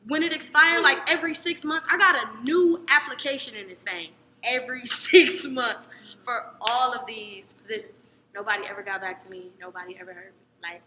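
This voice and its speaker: In a podcast studio, a young adult co-host from Cleveland with an American accent tells a story in casual chat. She's animated, swinging between loud excited bursts and low murmurs, and the room is echoey with long reverb and faint noise.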